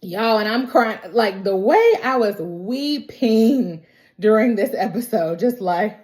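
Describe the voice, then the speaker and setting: A woman's voice: medium pitch, expressive, slow pace, a little mellow. A woman talking to camera in a casual, emotional recap of a TV drama episode, chatty, with frequent "like" and "y'all". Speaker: TV episode reviewer.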